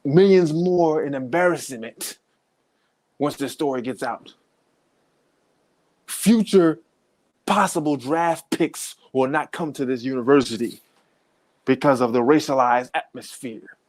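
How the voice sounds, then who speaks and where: A man's voice: medium pitch, a little slow, pauses often. Male podcast host, fired-up profane comedic rant. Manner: profane, heated, animated.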